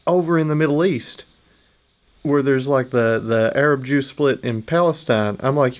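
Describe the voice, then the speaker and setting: A man's voice: medium pitch, normal speed. A young man co-hosting a podcast, rambling and swearing as he rants in mock outrage. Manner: profane, rambling, mock-ranting. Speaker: podcast co-host. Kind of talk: casual podcast banter.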